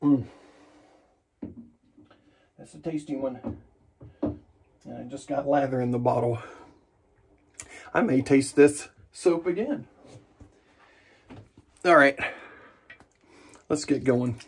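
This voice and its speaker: A man's voice: mid-range voice, slow pace, pauses often, slight background noise. A man chatting casually and jokingly as he narrates his own shave in a vlog. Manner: relaxed, chatty and jokey while shaving. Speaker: wet shaving vlogger.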